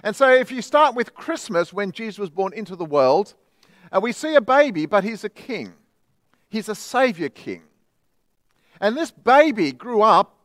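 High-voiced earnest Australian pastor preaching. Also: male voice, fairly bright tone, no echo. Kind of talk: sermon.

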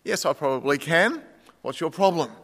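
A preacher voicing God as a calm, powerful voice from the sky, slow and unhurried. The sound is clear and bright. It rings out in a long church reverb. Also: male voice, high voice. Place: church sanctuary.

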